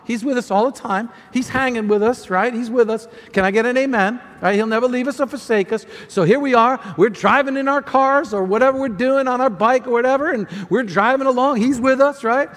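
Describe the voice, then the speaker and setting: A man preaching a sermon in a church, animated, acting out complaints in quoted voices, tearful at times. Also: very high-pitched, a little fast, few pauses. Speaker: pastor. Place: church hall. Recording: hall reverb.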